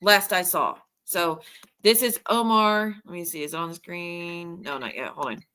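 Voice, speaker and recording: A woman hosting a stream, retelling gossip in a rambling, animated way with many restarts. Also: lowish voice, normal speed, clean tone. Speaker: livestream host. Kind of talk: casual gossip chat.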